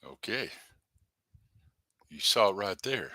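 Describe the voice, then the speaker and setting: Male stream host, lively pitch, bright edge, dry close sound, rambling and jokey with his chat. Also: takes it slowly, dry recording. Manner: rambling, jokey, talks to chat viewers by name. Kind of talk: casual live-stream chat. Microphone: desk webcam setup.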